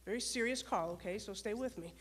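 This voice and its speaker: A woman giving a motivational talk to an audience and telling a story from her dispatcher days in a lively way. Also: medium pitch, quick pace, slightly rough. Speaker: speaker, former dispatcher and leadership coach.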